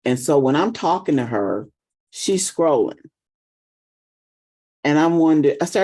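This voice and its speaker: A woman's voice: deep voice, expressive, unhurried, long pauses, warm tone, poor audio. A woman in a group discussion, speaking earnestly and candidly about her feelings. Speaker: participant.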